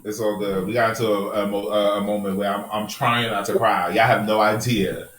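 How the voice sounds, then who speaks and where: A man's voice: on the low side, little pitch movement, fairly quick, a bit bright, echoey room, recorded from a distance, slight background noise, rough recording. A man hosting a podcast, holding forth in a passionate, profane rant during a casual group discussion. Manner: impassioned, profane, preachy rants. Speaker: podcast host.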